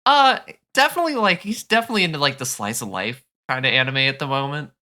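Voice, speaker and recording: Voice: mid-range voice, lively intonation, fast talker, bright, forceful tone. A player in a tabletop role-play, answering in character with playful jokes. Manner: jokey, playful.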